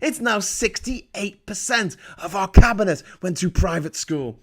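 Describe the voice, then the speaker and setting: British guy livestreaming, high voice, swearing nonstop, angry sarcastic rant. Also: lively intonation, a little slow, few pauses, fairly bright tone. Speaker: livestream host. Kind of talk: ranting political commentary.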